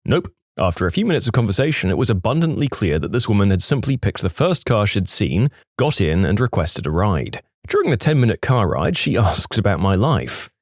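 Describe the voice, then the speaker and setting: A man narrating online stories in a wry, animated, scripted way. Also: on the low side, fairly quick, hardly any pauses, no echo, clean studio sound. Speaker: story narrator.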